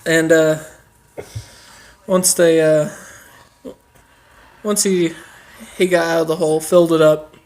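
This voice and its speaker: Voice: medium pitch, flat delivery, takes it slowly, pauses often, a little mellow. A podcast co-host improvising a comic story and often breaking into laughter. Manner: giggly, laughs between lines.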